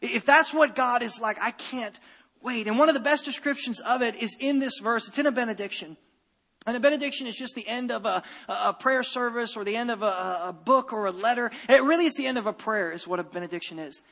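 High-voiced preacher man in an echoey hall. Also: quick pace. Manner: animated, repeats phrases, self-interrupting restarts. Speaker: pastor. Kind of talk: sermon.

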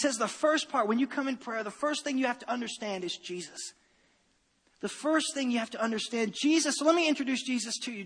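A man preaching a sermon as pastor, animated and given to repeating his phrases and restarting sentences. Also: very high voice, slightly rough, in a large hall.

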